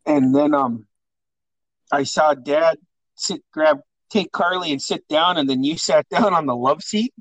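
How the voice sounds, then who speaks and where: A young adult man tells rowdy family stories with a fairly high voice, swearing freely and breaking into laughter. The sound is dry and close, with no room echo. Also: unhurried. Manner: laughing, profane storytelling. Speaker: podcast host. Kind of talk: casual family storytelling.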